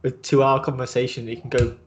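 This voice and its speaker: Male host, mid-pitched, casual and rambling, lots of "like" and "um". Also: little pitch movement, quick pace, slight background noise. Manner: rambling, many fillers and restarts. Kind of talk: casual video chat interview.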